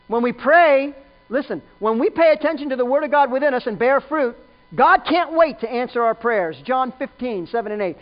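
Emphatic high-voiced preacher, lo-fi sermon. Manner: emphatic, repeats key phrases, quizzes the listeners.

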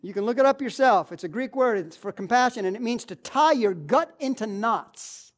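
A woman preacher delivering a sermon with passion. She repeats key phrases, swings from loud, emphatic cries to low, hushed asides. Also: expressive, normal speed, hardly any pauses.

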